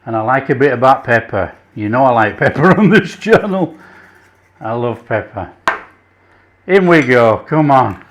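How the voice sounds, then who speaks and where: Slow, easygoing English cooking host. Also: male voice, medium pitch, animated. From England. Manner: enthusiastic, chuckling, savoring food aloud. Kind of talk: casual cooking vlog with tasting.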